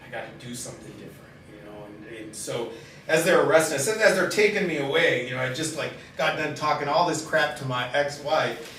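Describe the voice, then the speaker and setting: A middle-aged man telling his own life story in a halting, candid way, with many pauses and fillers. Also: fairly high pitch. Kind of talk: personal storytelling in conversation. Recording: very echoey room, distant mic, steady background noise.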